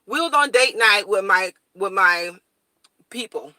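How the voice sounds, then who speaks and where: A young woman chats to her viewers in a casual morning vlog, blunt and straightforward. Her voice is bright and sharp. The sound is dry and close, with no room echo. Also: mid-range voice, unhurried. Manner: blunt, straightforward, animated storytelling. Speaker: vlogger.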